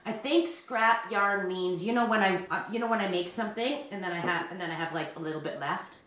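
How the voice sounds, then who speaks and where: A woman's voice: fairly low pitch, fairly quick, fairly bright tone. A woman hosting a crochet video, chatting casually, rambling and laughing often. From Canada. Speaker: crochet channel host. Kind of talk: casual chat. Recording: roomy, distant mic.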